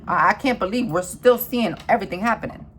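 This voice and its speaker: A woman in an impassioned, swearing rant who repeats herself and swings between loud outbursts and low mutters. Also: quick pace, slight background noise.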